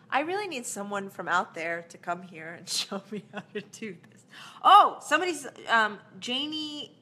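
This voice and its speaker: An actress casually answering fan questions in a live Q&A, chatty and rambling, with plenty of fillers and small laughs. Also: female voice, fairly high pitch, very animated, unhurried, sharp tone, breathy edge.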